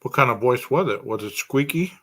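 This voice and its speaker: A man's voice: medium pitch, expressive, fairly quick. A man hosting a true crime podcast, speculating aloud through a string of rhetorical questions.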